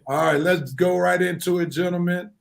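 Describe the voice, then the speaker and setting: A man's voice: high voice, fairly even intonation, moderate pace, gravelly. Emphatic man hosting a sports show. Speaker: show host. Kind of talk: casual sports talk.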